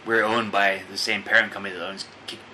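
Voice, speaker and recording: Podcast host, male, bright and sharp tone, slightly low, relaxed storyteller with a loose mouth. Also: fast talker, a little hiss or hum, rough recording. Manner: laid-back storytelling, swears casually. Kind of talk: casual podcast chat.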